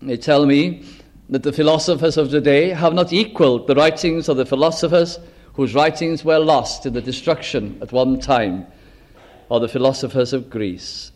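A man preaching a sermon, possibly, slowing down for emphasis and acting out the boasts of self-righteous people. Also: mid-range voice, steady tone, a little mellow. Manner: dramatic, acts out boastful quoted voices, slow emphatic phrasing.

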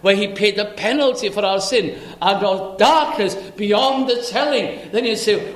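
A man preaching a sermon, earnest and reflective, dropping to hushed tones to press a point. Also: sits high, a little slow, hardly any pauses. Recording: echoey room.

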